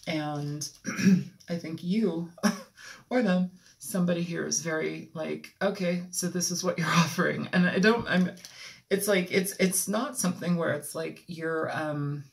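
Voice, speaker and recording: A tarot reader from Los Angeles giving an intuitive reading, talking in a rambling, halting way with frequent ums, as if channeling impressions as they come. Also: medium pitch, gravelly. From Los Angeles, United States.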